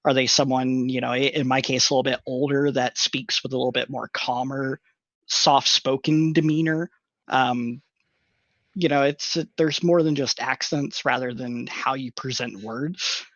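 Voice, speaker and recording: Brief: male podcast panelist, mid-pitched, thoughtful and explanatory, lo-fi dry recording. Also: steady tone, measured pace, fairly bright tone, dry recording. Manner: thoughtful, explains at length with many fillers. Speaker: podcast panelist and tabletop player. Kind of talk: casual podcast chat. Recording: dull lo-fi dry sound.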